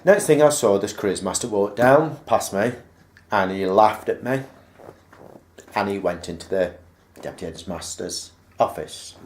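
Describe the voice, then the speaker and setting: In a fairly low voice at normal speed, a man recounts a memory from school, rambling and voicing the remembered conversation. He's a vlogger telling a casual personal story, recorded with a roomy echo.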